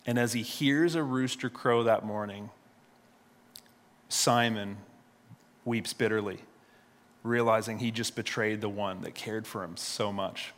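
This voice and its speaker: A man's voice: medium pitch, steady tone, a little slow, a bit bright, big-room sound. A male pastor retelling a story in a sermon, casual and conversational, often repeating a word as he restarts.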